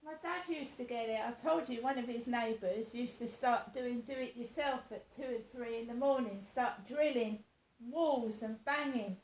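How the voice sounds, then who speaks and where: A woman's voice: fairly high pitch, moderate pace, distant mic. A woman vlogging in a rambling, aggrieved way, repeating herself as she complains. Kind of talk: casual vlog rant. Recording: echoey room with faint hiss.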